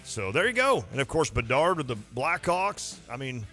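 A man's voice: medium pitch, sing-song, normal speed, pushed and bright, soft background music. A man co-hosting a show in casual banter, teasing his co-hosts and laughing often. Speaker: radio show co-host.

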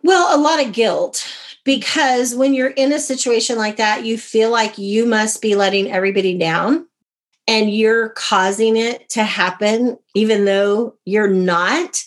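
A woman's voice: a little high, a little slow. A woman, a guest and author from America, telling a personal story in an interview and acting out the dialogue. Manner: animated, acts out quoted dialogue.

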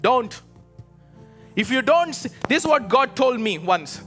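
A man with a high, bright voice preaches a fervent sermon, calling out to his congregation and pressing them to answer. Soft music runs underneath his voice. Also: lively intonation, measured pace. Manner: fervent, exhorting, calls out to the congregation. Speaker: pastor. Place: church with a live congregation.

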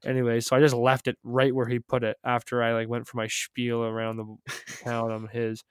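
A man's voice: mid-range voice, monotone, brisk, smooth, no room sound. A young man from Calgary co-hosting a podcast, telling a story casually with lots of "like" fillers and some irritation. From Calgary, Canada. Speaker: podcast co-host. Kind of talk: casual chat.

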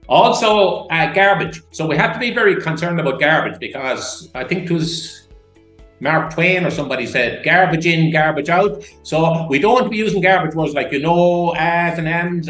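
An Irish public speaking coach talks enthusiastically and emphatically in a podcast interview, using demonstrative pauses. His voice is on the high side with a fairly bright tone, and the low-quality recording sounds reverberant.

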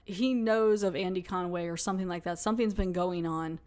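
A woman's voice: fairly low pitch, a little fast, a little mellow. Chatty lady podcaster going over an episode, casual, says like a lot. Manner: chatty, lots of "like". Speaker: podcast host.

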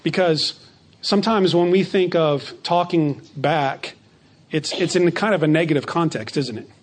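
Pastor, male, slightly higher voice, deliberate emphatic sermon delivery, restarts phrases. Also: slight background noise. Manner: slows down and stresses key phrases; repeats words when starting a phrase.

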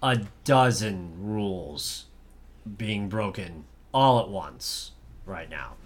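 Animated, foul-mouthed man recapping a film. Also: deep voice, takes it slowly. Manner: profane, animated retelling with acted-out quotes. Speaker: podcast co-host. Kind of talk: casual film discussion.

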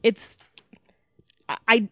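A woman's voice: extremely slow, no echo, muffled recording. A woman chatting casually as a podcast co-host, upbeat and chatty, with a lot of fillers. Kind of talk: casual chat.

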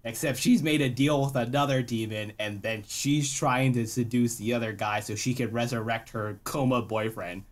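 A young man co-hosting a podcast in casual chat, ranting in an animated, profane way with loud exasperated outbursts. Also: mid-range voice, moderate pace, hardly any pauses. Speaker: podcast co-host.

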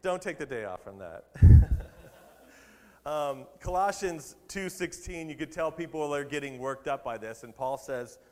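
A man's voice: a little high, lively intonation, a little slow, dark tone, big-room sound. A man, a pastor, giving a conversational sermon and laughing now and then at his own jokes.

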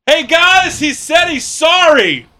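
A man putting on the voice of a vacant young female fast-food worker, shouting in a high shrill voice. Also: sing-song, exaggerated voice. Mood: mocking shout.

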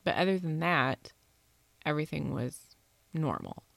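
Low gravelly-voiced woman telling a spooky story. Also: a little slow, no room sound. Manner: animated, swears freely, acts out quoted voices. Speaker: podcast host telling a ghost story. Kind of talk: casual storytelling chat.

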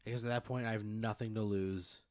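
A man's voice: on the low side, steady tone, brisk, darkish tone, dry recording, clean studio sound. A man playing along with a hypothetical story, answering in character with swearing and exasperation. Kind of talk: casual improvised chat.

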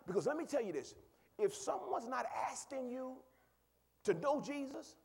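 A male pastor preaching a sermon, talking with the congregation and swinging from quiet asides to loud, high exclaims, with quick repeats of words. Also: expressive, slight background noise. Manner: conversational, asks the congregation questions.

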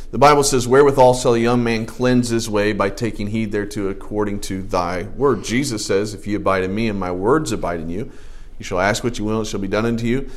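A man, a pastor, preaching a casual, folksy sermon full of jokes, asides and restarts. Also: lowish voice. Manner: folksy, joking, conversational preaching with many restarts.

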